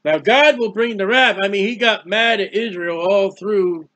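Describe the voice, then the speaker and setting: A man's voice: high voice, moderate pace, bright, forceful tone. A man giving an informal Bible study sermon, earnest and rambling, reading scripture aloud. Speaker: Bible teacher. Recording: dull lo-fi recording.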